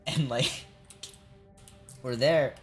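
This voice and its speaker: A young adult game streamer with a medium-pitched, somewhat bright voice rambles through a long work story while gaming. He swears often, laughs, and fills his speech with "like" and "right?"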